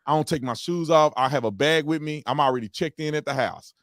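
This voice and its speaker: A man hosting a casual podcast chat, telling animated stories and acting out quotes loudly. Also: fairly high pitch, fairly quick, no echo, clean studio sound. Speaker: podcast host.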